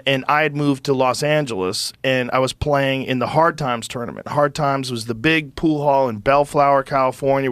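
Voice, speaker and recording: A middle-aged man hosting a podcast, telling an animated, profanity-laced story in casual conversation into a close studio microphone. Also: medium pitch, smooth, dry recording. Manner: animated, profane, acts out quotes. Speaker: podcast host.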